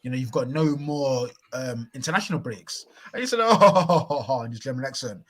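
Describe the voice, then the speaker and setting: A man's voice: medium pitch, expressive, normal speed, hardly any pauses, fairly bright tone. A man co-hosting a football podcast, speaking reflectively, often restarting his words as he tells a story. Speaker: podcast co-host. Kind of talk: casual football chat.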